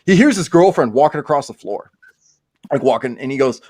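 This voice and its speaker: A man's voice: mid-range voice, big pitch swings, brisk, a little mellow, no echo, clean studio sound. A young man telling crude stories as a podcast host, swearing constantly and stammering through restarts. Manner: profane, ranting, stammering restarts. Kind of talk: crude comedic storytelling.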